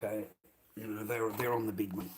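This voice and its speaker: A man's voice: fairly low pitch, fairly even intonation, fairly quick, background noise. A man with an Australian accent, rambling on a live stream in a coarse, slangy, combative way, often trailing off into mumbles. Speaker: livestreamer.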